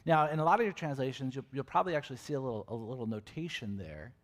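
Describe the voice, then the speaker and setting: A man preaching a sermon as pastor, animated and swinging between loud and soft as he acts out questions. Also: mid-range voice, racing. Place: church sanctuary. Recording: long reverb of a church hall.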